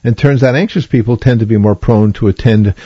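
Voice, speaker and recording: A man's voice: medium pitch, fairly quick, mellow, slightly rough, no echo, lo-fi sound. A man hosting a talk show, chattily explaining research and addressing listeners directly.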